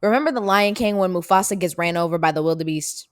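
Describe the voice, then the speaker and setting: A woman of about eighteen from Seattle, co-hosting a podcast and telling a story in casual, profane, animated chat. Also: fairly low pitch, quick pace, no echo, studio quality. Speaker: podcast co-host, daughter.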